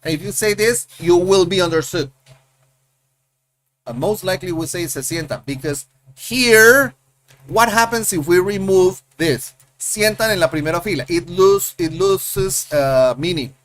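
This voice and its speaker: A man's voice: high voice, a little slow, a bit bright. A man, teaching a casual lesson and explaining things in a chatty way, often repeating himself and asking rhetorical questions. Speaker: Spanish teacher.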